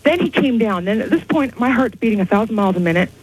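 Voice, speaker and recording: A woman calling in to a radio talk show, telling a rambling, excited story. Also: fairly high pitch, quick pace, background noise. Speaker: caller. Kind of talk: call-in radio chat.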